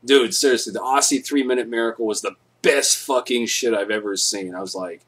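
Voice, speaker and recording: Husky-voiced guy rambling thru a sweary story on his live stream. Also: medium pitch, a little fast, few pauses, fairly bright tone. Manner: rambling, profane, jokey storytelling.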